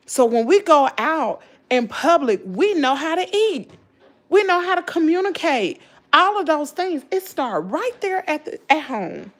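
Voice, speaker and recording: A woman's voice: sits high, expressive, unhurried. A woman hosting a live-stream, giving sassy, indignant gossip commentary straight to her chat. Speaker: livestream host.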